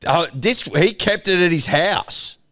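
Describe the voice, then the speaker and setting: A man's voice: a little high, lively intonation, unhurried, fairly bright tone, no room sound. An Australian man co-hosting a podcast, joking and swearing through casual banter at a studio mic. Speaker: podcast co-host. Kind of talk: casual chat.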